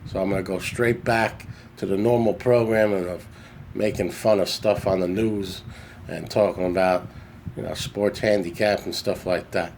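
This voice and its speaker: A man's voice: sits low, fairly even intonation, normal speed, darkish tone, a little hiss or hum. Chatty New man on a phone. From New York. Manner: rambling, chatty, self-correcting. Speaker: podcast host. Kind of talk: casual storytelling monologue. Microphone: phone camera.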